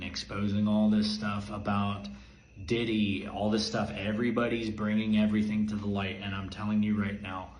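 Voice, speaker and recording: A man telling a personal story in an intense, repetitive way, moving from urgent emphasis to a hushed voice. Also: lowish voice. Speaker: video host. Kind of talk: emotional personal monologue. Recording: echoey room with faint ambient noise.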